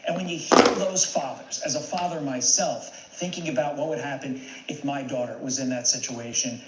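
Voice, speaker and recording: A man anchoring a TV news interview, brisk and asking leading questions. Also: mid-range voice, fairly even intonation, reverberant, soft background music, rough recording.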